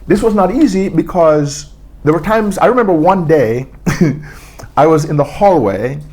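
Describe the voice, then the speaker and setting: A man's voice: fairly high pitch, expressive, measured pace, a little mellow. A man telling stories as an interview guest, acting out quotes and laughing often. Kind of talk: storytelling interview.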